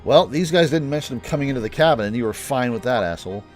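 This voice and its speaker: A male streamer talks through a game in a loose, joking way, cursing now and then. His voice is mid-pitched and lively. Faint game music plays underneath. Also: fast. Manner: casual, joking, swears freely. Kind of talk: casual let's-play commentary.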